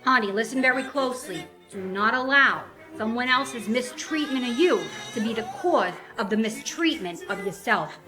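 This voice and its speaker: A woman's voice: on the high side, animated, normal speed, hardly any pauses, music in the background, lightly acted. A woman playing a sassy, doting hair salon owner who pep-talks her client and showers her with pet names. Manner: gushing, pep-talking, full of pet names. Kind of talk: comedy sketch acting.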